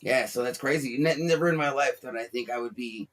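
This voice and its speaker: Man, podcast host, soft-spoken, rambling, mid pitch. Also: a little fast. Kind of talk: casual chat.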